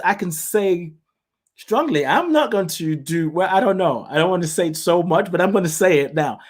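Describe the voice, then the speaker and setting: Animated man with British-Nigerian-Southern accent. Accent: mix of British, Nigerian and Southern US. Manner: animated, chatty, laughs often, big pitch swings. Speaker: host. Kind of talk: casual live-show monologue.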